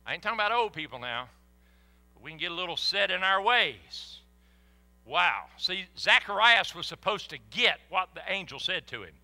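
An older man preaching a sermon in a church, animated and folksy, with sudden whoops. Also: sits high, moderate pace, soft background music. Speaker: pastor. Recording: echoey hall.

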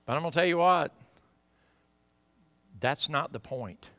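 A middle-aged man with a Southern US accent preaching a sermon in church, building to loud emphatic peaks and dropping to quiet, conversational asides. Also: on the high side, unhurried, gravelly, no room sound, muffled recording. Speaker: pastor.

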